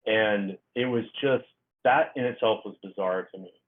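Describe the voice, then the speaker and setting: A middle-aged man with a rather low voice tells a story in a halting way, full of "um" and "like" and restarts. His voice comes through a thin, tinny, phone-like line, as if over a video call. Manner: halting, filler-heavy storytelling. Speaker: guest author. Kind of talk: casual storytelling interview.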